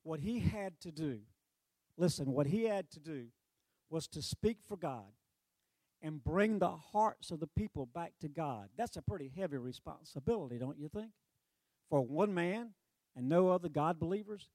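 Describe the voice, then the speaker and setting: Animated male preacher, slightly high voice. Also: moderate pace, no echo. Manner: animated storytelling with sarcastic humor and acted-out quotes. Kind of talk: sermon.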